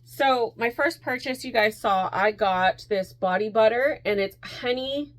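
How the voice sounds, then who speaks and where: A woman vlogging casually to camera, telling stories with quick asides, bursts of laughter and an animated delivery. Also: on the high side. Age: adult with a school-age daughter. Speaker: crochet vlogger.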